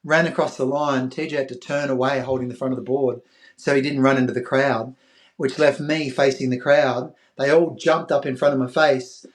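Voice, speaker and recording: A medium-pitched, moderately paced middle-aged Australian man, once an athlete, tells a podcast audience an emotional story. Animated throughout, he voices other characters and drops to a gentle softness when it gets tender.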